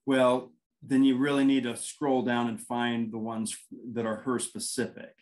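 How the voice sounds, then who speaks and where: Man guest, mid pitch, rambling storyteller who acts out quoted exchanges. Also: measured pace, a little hiss or hum, poor audio. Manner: rambling, animated anecdotes with quoted dialogue. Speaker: paranormal investigator guest. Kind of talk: casual interview storytelling.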